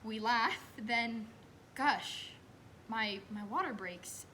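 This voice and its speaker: A woman's voice: fairly high pitch, very slow, slight background noise, full character voice, poor audio. A young woman playing an anxious new mother. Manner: expressive, dropping to whispers. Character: anxious new mother recalling giving birth. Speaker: student actress. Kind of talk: stage monologue. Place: school theater stage.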